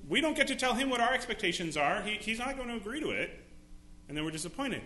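Pastor guy preaching, bright voice, acts out quotes, echoey church with faint hum. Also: high-pitched, very animated, fast talker. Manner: preaching with dramatic acted-out quotes. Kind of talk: sermon. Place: church sanctuary.

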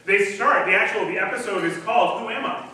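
Preaching in a church sanctuary, this pastor has a high, bright, forceful voice and speaks a little fast. His conversational sermon is loose and chatty, full of ums and restarts. A far-off microphone catches the very echoey hall along with a faint hiss.

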